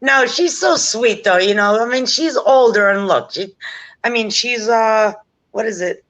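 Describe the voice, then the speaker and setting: High bright-voiced woman telling stories. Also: unhurried, low-quality recording. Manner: animated, laughing, acts out quotes. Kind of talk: casual storytelling chat.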